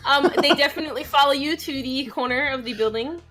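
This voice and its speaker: A woman's voice: high-pitched, fast, sharp tone, faint music behind. A woman running a tabletop game as game master, easygoing and giggly.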